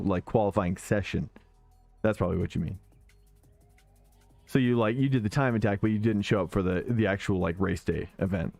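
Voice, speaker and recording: A man's voice: fairly low pitch, no room sound. Guy streaming sim racing, talks to chat while driving, keeps correcting himself, dry close sound. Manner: chatty, self-correcting, excitable.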